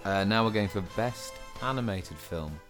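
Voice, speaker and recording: A man hosting a comedy podcast, handing out mock awards in a wry, deadpan manner. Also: lowish voice, moderate pace, music in the background. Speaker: podcast host.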